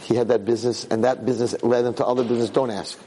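A man giving a fervent Torah talk as a rabbi, telling stories with animated energy that builds to shouting. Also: medium pitch, rapid-fire, noisy background. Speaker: rabbi teaching students. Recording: long hall reverb.

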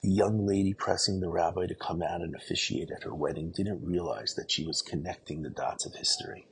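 A man giving an earnest storytelling sermon, often dropping to a hushed voice at the emotional moments. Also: sits low, a little fast, creaky, breathy edge, low-quality recording.

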